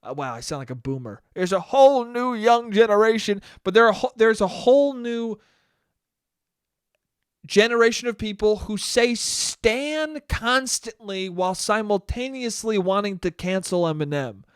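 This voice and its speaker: A young man hosting a solo podcast, ranting with animated energy, swearing often and mocking people's voices. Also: high-pitched, moderate pace, clean tone, dry recording, studio quality. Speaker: podcast host.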